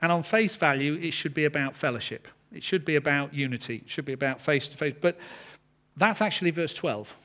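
A man with a slightly higher voice delivers a morning sermon. He teaches earnestly and slows down to stress the key words. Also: a bit bright. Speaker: pastor.

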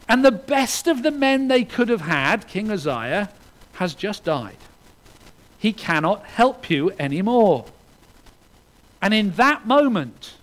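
Male preacher, high-pitched, earnest sermon delivery with loud peaks and quiet drops, stumbling restarts. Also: low-quality recording. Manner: earnest, swinging between loud emphasis and hushed lines, with restarts.

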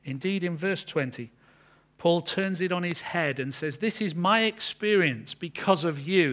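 A man preaching a sermon, earnest, building to emphatic peaks and then dropping low. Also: a little slow, fairly bright tone.

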